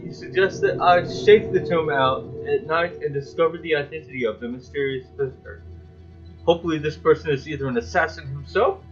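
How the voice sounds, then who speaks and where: A man's voice: fairly high pitch, lo-fi sound. A man giving casual, crude, joking commentary over gameplay and swearing freely.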